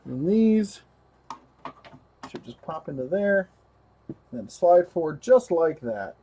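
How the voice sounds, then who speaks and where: Guy fixing old pcs on a live stream, husky voice, high and bouncy, chats to his hardware. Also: big pitch swings, slow, warm tone. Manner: chatty, talks to his hardware and his dog. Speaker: livestream host rebuilding a computer. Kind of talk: casual live tech narration.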